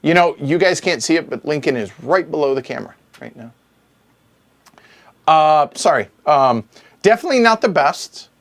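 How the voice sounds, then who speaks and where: A board game show host runs a livestream Q&A from his home streaming room. His voice is on the high side and expressive, at a normal speed, as he reads viewers' chat questions aloud and answers them with joking asides.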